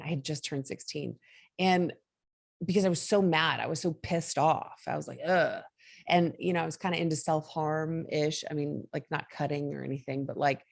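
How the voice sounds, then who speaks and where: A woman's voice: on the low side, no room sound, studio quality. A woman hosting a casual motivational talk, candid and a little rambling, laughing often as she talks. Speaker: host.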